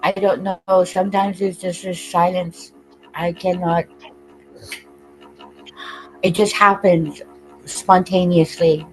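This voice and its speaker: A woman on a video call, sharing openly and tearfully, halting often and laughing through her tears. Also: fairly low pitch, little pitch movement, faint music behind, rough recording. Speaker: participant in an online group call. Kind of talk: emotional open sharing.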